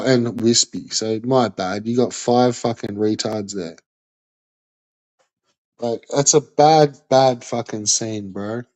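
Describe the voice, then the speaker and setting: A man in a profane rant, talking bluntly and loosely with constant slang and fillers. His voice sits at an ordinary middle pitch. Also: a little mellow, low-quality recording. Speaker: commentator on a streamer. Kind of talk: ranting monologue.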